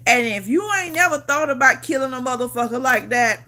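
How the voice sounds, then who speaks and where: A woman chatting on her vlog in a bright, forceful, fairly high voice. She is emphatic and repetitive, swears freely and laughs often as she tells her own story. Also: expressive, fairly quick, hardly any pauses, a little hiss or hum. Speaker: vlogger on a livestream. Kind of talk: casual storytelling chat.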